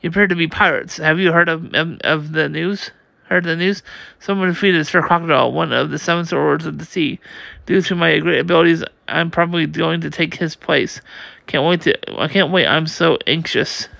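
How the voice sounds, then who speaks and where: A boastful ape pirate boss, read aloud by a man in a bright, gravelly voice. He talks slowly and stumbles, repeating words as he goes. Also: a little high, steady tone, dry recording, full character voice. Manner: slow, halting reading with restarts.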